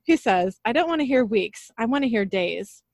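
A woman's voice: on the high side, lively intonation, normal speed, a little mellow, no echo, clean studio sound. A woman casually retelling a TV episode, reading each character's lines in her own voice and laughing at her own slips.

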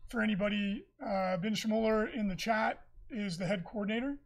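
Gravelly young guy chatting casually. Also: high-pitched. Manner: chatty, rambling, quick asides. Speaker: podcast co-host. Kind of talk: casual chat reading viewer comments.

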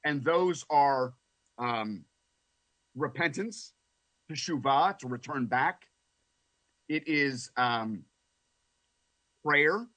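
A man speaking as a rabbi co-host, earnest and halting, with many fillers and repeated words. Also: mid-range voice, bright, forceful tone. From Canada. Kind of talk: casual radio talk.

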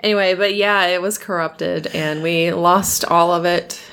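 A woman's voice: on the low side, fairly even intonation, unhurried, a bit bright, clear, resonant tone. A woman co-hosting a casual podcast chat, rambling, often correcting herself and laughing. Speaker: podcast co-host.

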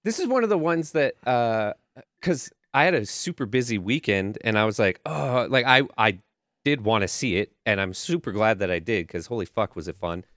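Profane Canadian man, low voice. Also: a little fast, no room sound, studio quality. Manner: profane, rambling, excitable. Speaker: podcast co-host. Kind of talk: casual chat.

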